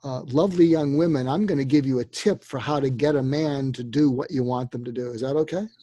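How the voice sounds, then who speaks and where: An older man giving persuasion advice in a relaxed interview, acting out the lines he suggests people say in a calm, coaching way. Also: mid-range voice, fairly quick, no echo. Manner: acts out quoted dialogue in a calm coaching tone. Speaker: guest expert on persuasion.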